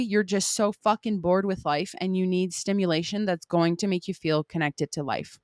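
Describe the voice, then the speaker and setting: A woman's voice: medium pitch, normal speed, darkish tone, dry recording, studio quality. A young woman hosting her own podcast, talking candidly and emphatically in a casual monologue, full of "like" and swearing. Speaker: podcast host.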